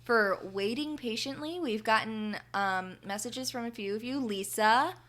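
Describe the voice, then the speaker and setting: A woman's voice: on the high side, a little slow, fairly bright tone. A woman co-hosting a podcast in jokey, casual chat, often laughing. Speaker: podcast co-host.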